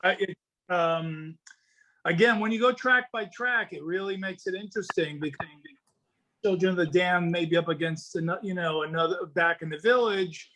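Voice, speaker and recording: A man guesting on a podcast, measured as he builds his point in casual chat. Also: sits high, pushed and bright, poor audio.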